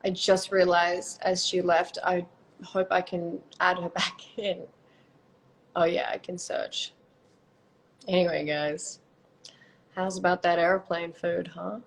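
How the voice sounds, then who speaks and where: A woman's voice: fairly low pitch, level tone, takes it slowly, vocal fry, long pauses, slight background noise, rough recording. A young woman with an Australian accent, chatting casually and giggling on a phone live stream. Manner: chatty, giggly, trails off into whispers. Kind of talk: casual chat. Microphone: phone on a video live stream.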